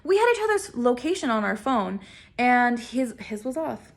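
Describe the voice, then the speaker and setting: A young woman telling a personal story to camera in a casual, self-mocking way. She laughs often and acts out quoted lines with big swings in pitch. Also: sing-song, moderate pace. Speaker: vlogger.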